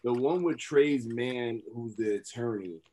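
A man's voice: medium pitch, measured pace, mellow, slight background noise. A man co-hosting a podcast, reminiscing about a past episode in casual banter. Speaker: podcast co-host.

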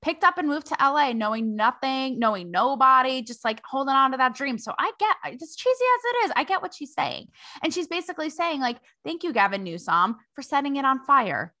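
A young adult woman hosting a podcast, telling a story in a sassy, slangy, animated way. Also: sits high, fairly quick. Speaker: podcast host. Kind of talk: casual storytelling commentary.

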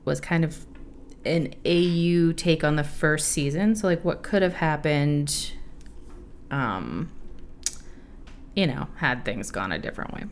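Lively, low-voiced woman podcast host. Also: takes it slowly, pauses often, slight background noise. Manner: animated, laughing, candid and profane. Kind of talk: casual podcast chat.

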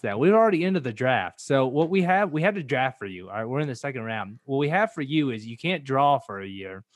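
A man's voice: medium pitch, very animated, brisk, no room sound. Joking man hosting a podcast. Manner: joking, rambling, frequent fillers. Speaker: podcast host. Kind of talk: casual podcast chat.

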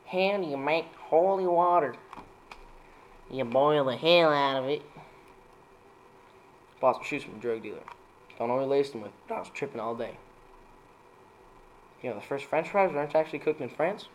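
A man casually reading dad jokes aloud as a streamer, laughing at his own punchlines and jumping into higher voices for them. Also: expressive, normal speed, long pauses, slight background noise.

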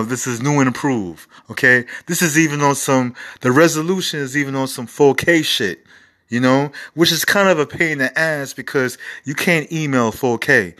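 A man's voice: medium pitch, fairly bright tone. A man in his forties hosting a casual music review show, rambling and profane with enthusiastic asides. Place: home recording setup.

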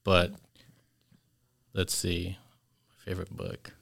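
A young man with a very low yet bright, edgy voice answers questions in a laid-back podcast chat. He talks hesitantly, with long pauses. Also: sing-song, creaky. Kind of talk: casual chat.

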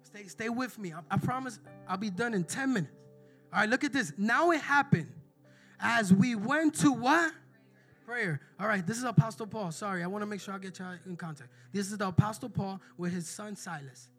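Guy preaching a sermon, high forceful voice, keeps asking the crowd stuff, bit of music behind. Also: moderate pace. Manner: emphatic, calls out to the congregation.

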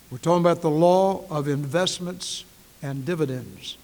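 A man preaching a sermon as pastor, emphatic, swinging between hushed and loud passages. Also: fairly high pitch, moderate pace, long reverb tail.

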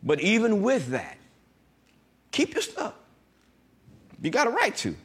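Animated high-voiced man preaching a sermon. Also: breathy edge. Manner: animated preaching with call-and-response asides; reads scripture slowly and emphatically. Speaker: pastor.

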